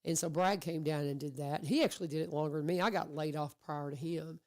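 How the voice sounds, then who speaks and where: A woman hosting a radio show, chatting casually with her guest and telling animated stories. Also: low voice, a little fast. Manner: chatty, animated storyteller who acts out quotes. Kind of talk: casual conversational interview. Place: radio studio.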